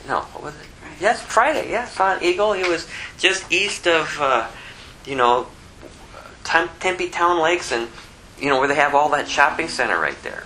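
A man's voice: fairly high pitch, pushed and bright, a little hiss or hum, rough recording. A man giving a casual Bible teaching, rambling with conversational asides. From Phoenix area. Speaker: preacher.

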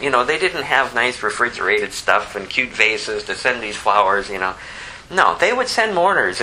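A man preaching a sermon, moving between impassioned rising emphasis and hushed, slower scripture reading. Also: fairly high pitch, a little hiss or hum, low-quality recording. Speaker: pastor.

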